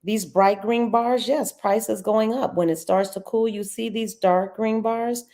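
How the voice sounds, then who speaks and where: A middle-aged woman, hosting a casual live trading walkthrough, chatty and quick to laugh. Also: mid-range voice, fairly even intonation, dark tone. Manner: chatty, laughs often, addresses viewers as y'all.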